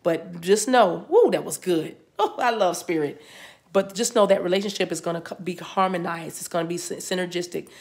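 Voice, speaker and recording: A woman's voice: fairly low pitch, a little fast, gravelly, a little mellow. A woman giving a chatty spiritual reading to her viewers. She talks in a casual, playful way, laughs often and breaks into snatches of song. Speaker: tarot reader.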